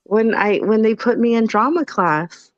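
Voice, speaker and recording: A woman co-hosting a live podcast, telling stories in a chatty, animated way full of fillers. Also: fairly high pitch, unhurried, no room sound, highs cut off. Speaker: podcast co-host. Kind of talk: casual live podcast chat.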